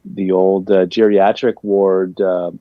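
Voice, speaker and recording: A man's voice: low-pitched, flat delivery, slow, dry recording. A man voicing a disgusting, cheerful male werewolf mascot, with an offhand, casual delivery. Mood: gross, casual. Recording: dull lo-fi dry sound.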